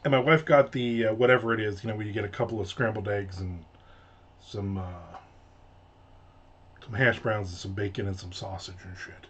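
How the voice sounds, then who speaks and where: A man's voice: lowish voice, moderate pace, slight background noise. Exasperated man ranting about a diner visit. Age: adult. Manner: animated, exasperated, swears freely. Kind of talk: casual storytelling chat.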